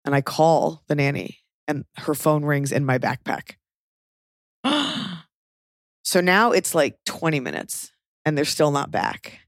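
This is a low-pitched woman in her thirties at a moderate pace, hosting a podcast and telling a loose, sweary story stuffed with fillers. The recording is dry and studio quality.

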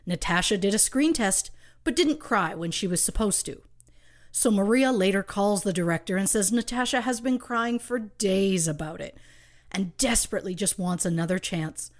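A woman's voice: medium pitch, moderate pace. Woman telling a true crime story wryly. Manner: wry, reads research with asides and laughs. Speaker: podcast co-host.

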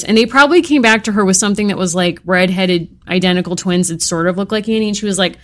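A woman's voice: mid-range voice, fast talker, few pauses, fairly bright tone. A woman co-hosting a podcast in casual chat, wry and dramatically exasperated as she picks apart a book. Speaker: podcast co-host.

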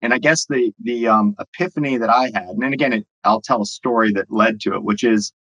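A man's voice: mid-range voice, a little fast, fairly bright tone, slightly rough, muffled recording. A man who runs his own business, telling stories in a casual, rambling way full of fillers. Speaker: entrepreneur and business owner guest. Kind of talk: casual storytelling.

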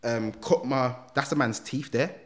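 A man, a guest in a podcast interview, telling his life story in street slang with lively quoted dialogue. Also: mid-range voice, a little slow. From England. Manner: street slang, animated retelling with acted quotes. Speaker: guest, reformed gang member.

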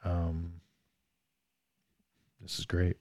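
A man's voice: deep voice, completely flat delivery, drawn-out words, darkish tone, no echo, studio quality. A man hosting a casual movie discussion podcast, joking and reading from his notes. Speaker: podcast host.

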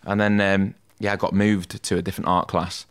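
A young man, a tattoo artist, recounting school memories in a casual, animated interview. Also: low voice, brisk, smooth. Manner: chatty, animated retelling with quoted voices.

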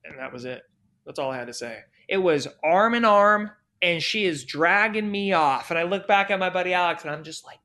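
A young man with a high voice, swearing freely as he rambles through a party story. He talks in an animated, unpolished way, full of asides and repeats. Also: normal speed. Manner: animated, profane, rambling anecdote-telling. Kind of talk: casual storytelling.

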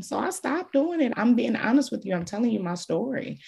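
A woman's voice: on the high side, very animated, a little fast, gravelly, hardly any pauses, darkish tone, slightly rough. A woman guest on a podcast, telling her story in an emphatic and candid way. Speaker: podcast guest, childhood trauma advocate. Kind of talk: conversational podcast interview.

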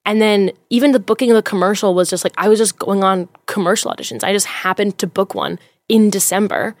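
A woman's voice: medium pitch, fast talker, no echo. A woman who is a comedian, chatting as a podcast guest in a candid, rambling way with lots of fillers. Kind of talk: casual chat.

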